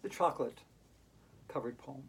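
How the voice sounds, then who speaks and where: With a bass, husky voice at a measured pace, a woman leads a playful hula hoop yoga class for kids, sounding silly, enthusiastic and sing-song. The recording is rough.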